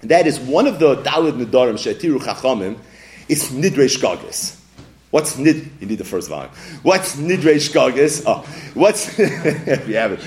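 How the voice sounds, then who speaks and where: Man, Talmud lecture, very lively pitch, high voice, animated. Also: slight background noise. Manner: animated, acts out scenes in quick voices, laughs often. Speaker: Talmud teacher. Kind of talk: yeshiva-style Talmud lecture.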